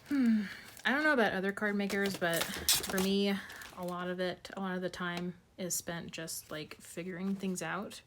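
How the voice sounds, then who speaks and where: A woman streaming her card making from home, thinking aloud and muttering softly to herself as she sorts through supplies. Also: fairly low pitch, normal speed, a little hiss or hum. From United States. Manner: muttering to herself while sorting supplies, soft asides. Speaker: craft streamer. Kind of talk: casual craft livestream chat.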